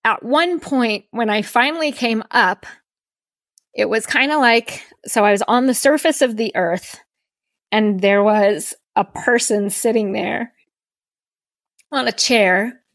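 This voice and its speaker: A woman's voice: fairly high pitch, slow, fairly bright tone, dry recording, studio quality. Reflective woman telling a personal story. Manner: reflective, recounts with quoted inner thoughts. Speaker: podcast host.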